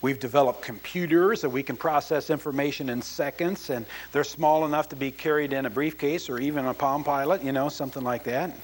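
A man voicing a plain-spoken male farmer who answers in a slow, matter-of-fact way. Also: mid-range voice, natural voice.

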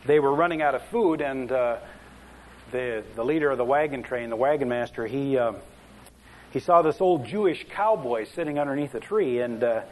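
A man's voice: medium pitch, moderate pace, a little mellow, slight background noise, low-quality recording. A man telling jokes as a pastor at the start of a sermon, in a folksy, rambling way, chuckling at his own stories.

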